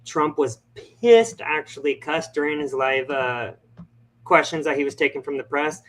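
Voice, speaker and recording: A man's voice: on the high side, moderate pace, fairly bright tone. A man hosting a reaction podcast, talking conversationally and addressing his viewers directly between clips. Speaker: podcast host. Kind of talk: casual reaction podcast talk.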